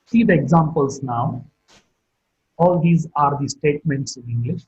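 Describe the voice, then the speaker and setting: A middle-aged man giving a recorded phonetics lecture, speaking in a slow, deliberate teaching manner and carefully modeling example sentences. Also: a little high, slightly rough, highs cut off. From India.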